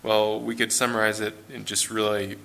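A man with an American accent preaching a sermon in a church, conversational and relaxed, with fillers and self-corrections. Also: fairly low pitch, normal speed, creaky.

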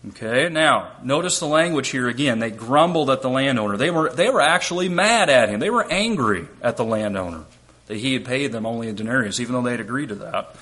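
A man's voice: medium pitch, animated, a little fast, fairly bright tone. A man preaching an expository sermon. He reads scripture aloud and explains it step by step, asking rhetorical questions. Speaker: preacher and Bible teacher.

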